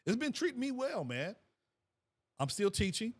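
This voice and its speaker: A middle-aged man, a fifth grade teacher, hosting a casual livestream and reading viewers' comments aloud in a relaxed way, repeating phrases and laughing often. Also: high-pitched, normal speed. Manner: laid-back, repeats himself, frequent laughs.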